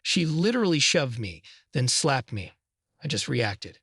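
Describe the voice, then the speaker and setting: Man voicing angry tall stranger, blunt, indignant, gravelly voice. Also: mid-range voice, very animated, a little slow, a bit bright, no echo, studio quality, full character voice. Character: tall broad-shouldered angry male stranger.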